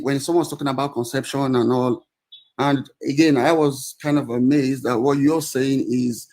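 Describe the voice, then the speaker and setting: A man's voice: medium pitch, steady tone, normal speed, a little mellow. A man calling into a live audio-room debate, arguing and pleading, often restarting and repeating himself. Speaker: caller in a debate.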